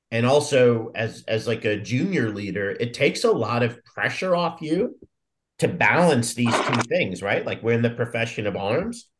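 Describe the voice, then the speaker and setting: A man, a Marine veteran, talking reflectively in a casual podcast conversation, with many fillers and restarts. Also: on the low side.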